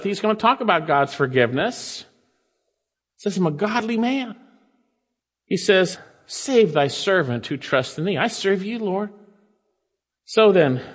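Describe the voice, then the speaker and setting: A man preaching a sermon, emphatic and quoting scripture, changing his pace and volume often. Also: high-pitched. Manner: emphatic, varies pace and loudness, quotes scripture. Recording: long reverb of a hall.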